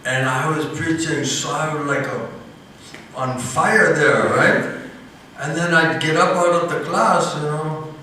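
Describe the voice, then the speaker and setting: Slow, bright-voiced monk in an echoey hall. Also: male voice, on the high side, a little hiss or hum. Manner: animated, laughing storyteller. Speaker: monk giving an evening class. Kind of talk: storytelling sermon. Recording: echoey hall, mic at a distance.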